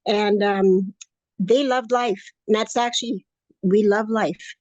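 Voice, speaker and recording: A woman's voice: mid-range voice, steady tone, takes it slowly, a little mellow, no room sound, muffled recording. A woman in her late sixties, talking in a chatty, upbeat, rambling way as a guest in an interview. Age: 60s. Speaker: course student interviewee. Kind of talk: casual interview conversation.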